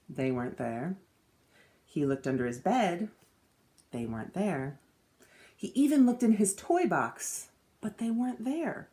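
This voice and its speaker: A woman teacher reading a children's storybook aloud with expressive storytelling. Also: mid-range voice.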